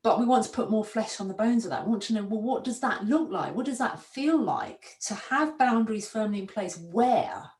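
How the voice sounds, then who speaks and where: A woman coaching a client in an encouraging, gently directive way. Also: mid-range voice, animated, moderate pace, few pauses, reverberant, far from the mic. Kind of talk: coaching session.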